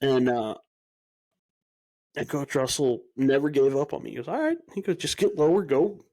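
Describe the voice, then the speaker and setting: A young man with a mid-range, somewhat mellow voice and lively intonation co-hosts a casual podcast at normal speed. His storytelling is energetic, full of acted-out quotes and plenty of swearing.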